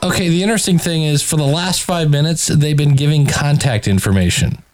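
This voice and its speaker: A man's voice: on the high side, a little fast, noisy background. A man hosting, giving sardonic, exasperated commentary on clips he plays, often stammering as he restarts sentences. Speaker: host reviewing a podcast. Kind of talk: critical commentary over played clips.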